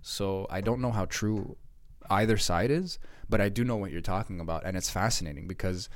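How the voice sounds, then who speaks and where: A man's voice: low voice, brisk, dry recording, studio quality. A young man in casual podcast chat, rambling with restarts and casual swearing.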